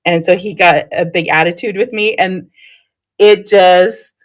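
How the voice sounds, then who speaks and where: A woman's voice: lowish voice, steady tone, measured pace. A woman chatting with her live viewers, telling stories and laughing often. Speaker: live streamer. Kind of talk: casual chat with live viewers.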